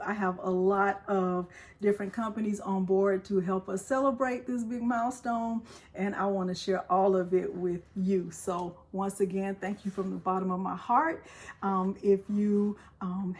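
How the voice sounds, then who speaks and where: A woman hosting a craft channel vlog, chatting excitedly and getting emotional as she thanks her viewers. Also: mid-range voice. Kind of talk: casual vlog chat.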